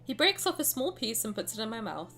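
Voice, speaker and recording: A woman's voice: a little high, very animated, brisk, vocal fry, pushed and bright. A woman streamer chatting and joking casually while reading game dialogue aloud. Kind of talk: casual gaming commentary. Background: faint game music.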